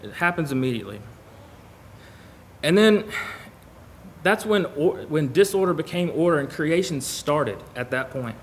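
A man delivers a relaxed, conversational sermon to a church congregation. He reads scripture aloud between his own remarks, in a voice that sits a little high. A faint hum runs beneath him. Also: normal speed, long pauses. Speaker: preacher.

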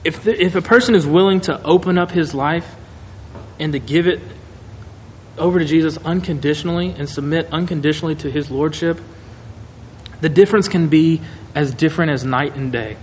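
A man preaching a sermon in a conversational, animated way, acting out quotes. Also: a little high, a little fast. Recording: echoey hall, faint noise.

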